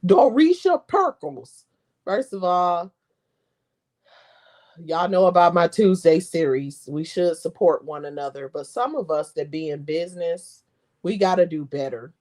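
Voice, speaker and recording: Chatty woman vlogger, lively storytelling. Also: fairly low pitch, unhurried. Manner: animated storyteller who mimics people; laughs often. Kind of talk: casual chat.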